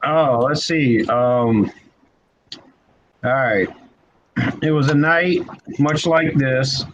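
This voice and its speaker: A man improvising a spooky campfire story on a livestream, halting and full of ums. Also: medium pitch. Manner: halting, drawn-out delivery with many ums. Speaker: livestream guest. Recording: dull lo-fi stream audio with faint hiss.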